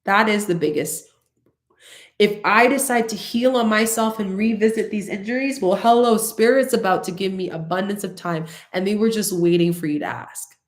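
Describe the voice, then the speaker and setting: A woman's voice: medium pitch, moderate pace. Earnest woman giving spiritual advice, echoey. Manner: earnest, repetitive, addresses viewers directly. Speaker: spiritual coach. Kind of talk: casual spiritual talk to viewers.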